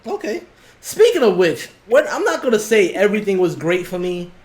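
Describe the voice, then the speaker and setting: A man co-hosting a casual gaming podcast over a video call, excitable and slangy, swearing freely. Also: sits high, brisk. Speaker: podcast co-host.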